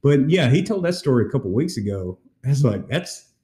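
Casual male co-host, mellow voice, lively storyteller, echoey room. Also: mid-range voice, normal speed. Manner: animated storyteller, acts out quotes. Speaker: podcast co-host. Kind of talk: casual sports chat.

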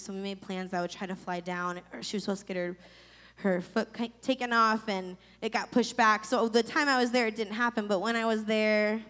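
A woman in her thirties from Florida telling a personal testimony in an emotional, halting way with many restarts. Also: mid-range voice, a bit bright. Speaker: storyteller sharing a personal testimony. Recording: long reverb.

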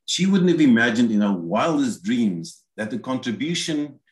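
A man with a mid-range, sing-song voice preaches a sermon at a moderate pace, explaining scripture and acting out the quoted lines in asides as he goes. The recording has a roomy echo.

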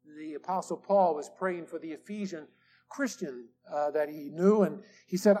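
An older man preaching a sermon, slow and emphatic, drawing out the key words. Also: a little high, warm tone. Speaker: pastor. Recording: old sermon tape recording.

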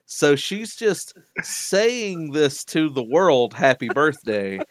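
A man co-hosting a podcast in casual chat, animated and laughing often as he tells stories. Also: fairly high pitch, very slow, no echo. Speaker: podcast co-host.

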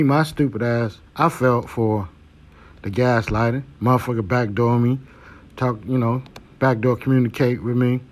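A man hosting a podcast, giving blunt, preachy advice with heavy cursing. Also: medium pitch. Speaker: podcast host. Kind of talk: profane monologue.

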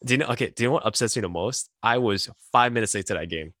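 A lower-voiced man talking through a story in casual podcast chat, animated and quick to laugh. The recording is dry and close, with no room echo.

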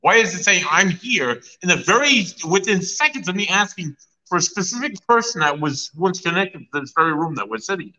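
Bright-voiced man explaining earnestly. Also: high-pitched, very animated, brisk, poor audio. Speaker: paranormal investigator. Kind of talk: casual chat.

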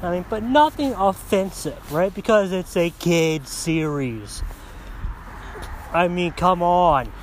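A man's voice: high-pitched, lively intonation, takes it slowly, a little hiss or hum. A man hosting a podcast, delivering a coarse, heated monologue full of swearing, recorded on a phone outdoors. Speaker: podcast host. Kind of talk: profane ranting monologue.

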